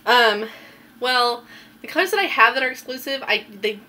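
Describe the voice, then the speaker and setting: A woman's voice: on the high side, expressive, moderate pace, sharp tone. A woman hosting a knitting podcast, chatting casually and rambling a little with plenty of ums as she shows her finished projects. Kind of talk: casual show-and-tell chat.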